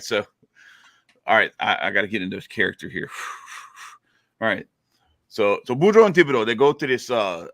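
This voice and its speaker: A man's voice: fairly low pitch, bright, forceful tone, no room sound, clean studio sound. A man from Louisiana with a Cajun accent, hosting a casual podcast chat as a loose, joking storyteller. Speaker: podcast host.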